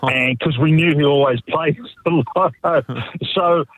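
A man's voice: fairly high pitch, unhurried, a bit bright, poor audio. A middle-aged man calling into a radio show, telling an anecdote animatedly and restarting his sentences. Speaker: caller. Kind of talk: casual phone-in anecdote.

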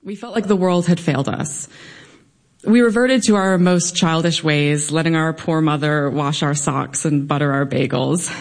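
A young woman telling a humorous personal story on stage before a live audience, in a wry, lively way. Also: low-pitched, moderate pace. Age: young adult.

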